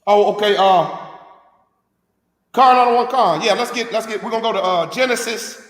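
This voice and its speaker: A man's voice: high-pitched, normal speed, a bit bright, echoey room, big-room sound. A man leading a scripture class, preaching emphatically with rhetorical questions in a street-talk manner.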